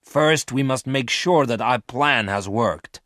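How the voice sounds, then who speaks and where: A man's voice: mid-range voice, slow pace, fairly bright tone, no room sound, clean studio sound. A man voicing a harsh ruthless space criminal. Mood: angry. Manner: harsh, commanding. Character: ruthless adult male space criminal leader.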